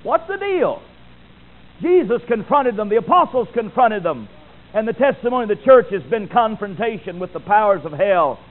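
A man preaching a sermon, emphatic, swinging from loud declarations to quiet, solemn asides, heard through a tinny recording. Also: high-pitched, sing-song, moderate pace.

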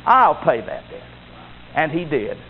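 A high-voiced man preaches with a very lively, swooping pitch, rising to loud exclamations and dropping to low asides. The sound is thin and phone-like, with a faint hiss behind it. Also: a little slow. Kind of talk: sermon.

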